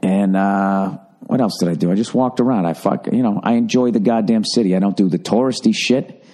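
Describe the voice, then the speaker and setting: A man's voice: on the low side, fairly quick. Profane rambling male comedian monologue. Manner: rambling, profane, self-mocking, animated. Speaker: comedian and podcast host. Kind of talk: profane comic storytelling monologue.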